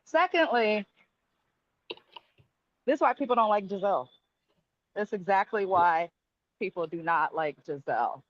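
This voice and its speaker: Woman guest co-host, blunt opinions, mid-pitched, dull lo-fi call line. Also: unhurried, pauses often, no echo. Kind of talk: casual reality TV recap. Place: at work.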